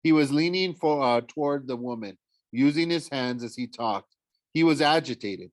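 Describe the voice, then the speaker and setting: A man's voice: medium pitch, normal speed, dry recording. A man, a teacher, reading a book chapter aloud in a plain voice, often stumbling and correcting himself. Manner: plain reading with frequent slips and self-corrections. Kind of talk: audiobook chapter read-aloud.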